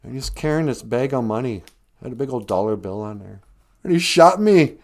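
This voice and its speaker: A man voicing a gentle, dying old uncle, in a strained, pleading way. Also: mid-range voice, expressive, moderate pace, close to an everyday voice.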